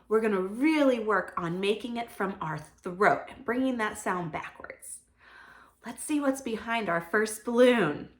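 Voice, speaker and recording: A woman speech therapist leading a children's sound practice lesson, modeling sounds clearly and giving encouraging praise. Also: medium pitch, fairly bright tone. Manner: slow, clear modeling of sounds with pauses for kids to repeat.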